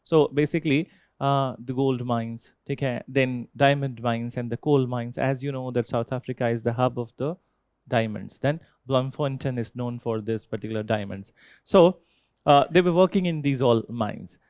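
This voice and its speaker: A man's voice: medium pitch, normal speed, darkish tone, smooth, no echo. A man with an Indian accent teaching a history class, asking students questions and repeating key points with frequent "okay?" checks.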